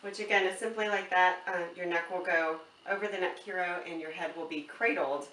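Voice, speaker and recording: Woman, lowish voice, easygoing product demo, mic set back in an echoey room. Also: fairly quick, a little hiss or hum. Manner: relaxed, explaining step by step with fillers. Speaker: product demonstrator. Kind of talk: casual product demonstration. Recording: roomy, from a distance, faint ambience.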